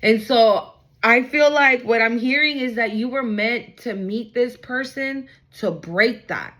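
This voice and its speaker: A woman gives a casual tarot reading, addressing viewers directly in a blunt, hyped manner and swearing freely. Her voice is on the high side and a bit bright, with a measured pace, captured in a rough recording.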